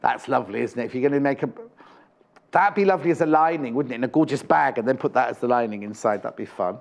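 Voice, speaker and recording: A man's voice: medium pitch, fast talker, vocal fry. A man presenting a live home shopping TV show, chatting about fabrics and prices with jokey, teasing asides in a studio. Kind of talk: live TV sales chat.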